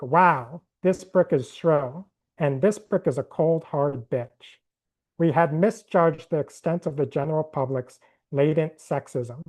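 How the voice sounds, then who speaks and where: A woman author giving a live reading of her own short fiction, with a deliberate, measured delivery. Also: low voice, a little mellow.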